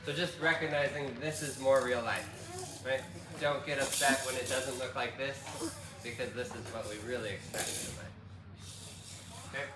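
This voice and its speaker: A man fitness coach explaining progress to a group, steady, checking in with "right?". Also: mid-range voice, normal speed, far from the mic. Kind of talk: group workshop talk. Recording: roomy, from across the room, loud noise.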